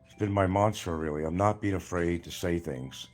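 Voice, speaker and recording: Older new york guy rambling on his own channel, kinda low voice, swears a lot, faint music under it. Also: moderate pace, a little mellow. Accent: mild New York. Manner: rambling, blunt, swears freely. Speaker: vlogger. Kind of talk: casual monologue.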